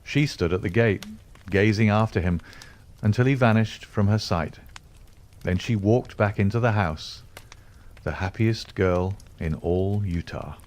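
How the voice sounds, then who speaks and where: A man reading a classic novel aloud as an audiobook narrator, with measured, expressive storytelling. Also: lowish voice. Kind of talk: scripted narration.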